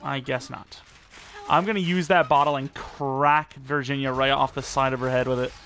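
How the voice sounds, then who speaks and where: Gravelly-voiced man rambling over gameplay. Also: medium pitch, normal speed. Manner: rambling, self-deprecating, with sudden excited outbursts. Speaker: gaming YouTuber. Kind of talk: live gameplay commentary.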